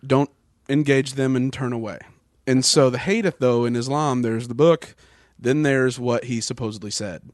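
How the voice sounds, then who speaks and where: Man, podcast co-host, explains facts at length, dry close sound, middle pitch. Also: normal speed, no room sound. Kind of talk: casual political chat.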